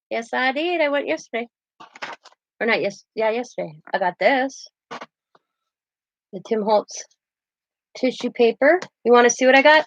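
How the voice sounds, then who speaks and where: A woman's voice: on the high side, animated, moderate pace, long pauses, slight background noise. A woman hosting a casual craft livestream, chatty and rambling as she talks to her chat while she works. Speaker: craft channel host. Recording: dull lo-fi dry sound.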